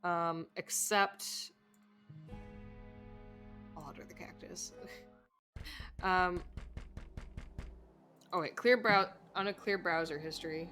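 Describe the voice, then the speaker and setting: A young woman live-streaming a story game, talking in a loose, rambling way as she reacts. Her pitch sits mid-range for a woman. Soft game music plays faintly underneath. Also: slow, long pauses. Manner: chatty, rambling, easily moved. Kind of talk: casual live game commentary.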